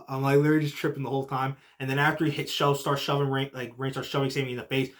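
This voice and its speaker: A young man hosting a casual podcast recap, excitable and full of "like" and "literally", swinging from low muttering to shouting. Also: fast, few pauses. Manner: heavy use of filler like "like" and "literally". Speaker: podcast host.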